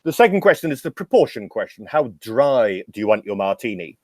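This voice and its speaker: A middle-aged man, a drinks educator guesting on a podcast, telling long anecdotes with wry humor in a relaxed conversational way. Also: lowish voice, fairly quick, no room sound. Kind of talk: casual storytelling interview.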